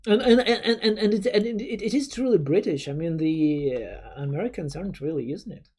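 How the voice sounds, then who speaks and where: A young adult streamer whose first language is Russian chats casually with viewers while reading chat, rambling, restarting with stammers and swearing offhand. Their medium-pitched voice is husky and darkish, with lively intonation and a fairly quick pace.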